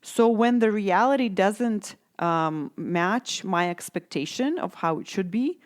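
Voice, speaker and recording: A woman's voice: mid-range voice, animated, measured pace. A middle-aged woman hosts her own parenting podcast, talking alone to her listeners. She thinks aloud as she goes, often correcting herself and tagging her points with a questioning "right?". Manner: reflective, self-correcting, frequent "right?" tags. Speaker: podcast host, parenting coach. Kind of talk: casual solo podcast talk.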